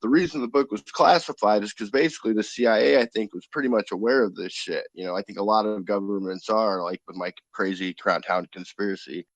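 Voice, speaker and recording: A man's voice: on the low side, a little fast, few pauses, dry recording. A man talking casually as a podcast guest, rambling with frequent swearing and fillers.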